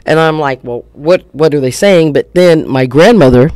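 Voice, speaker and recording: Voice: mid-range voice, moderate pace, darkish tone, no echo. A radio co-host chatting casually, thoughtful, searching for words and laughing easily. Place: radio studio.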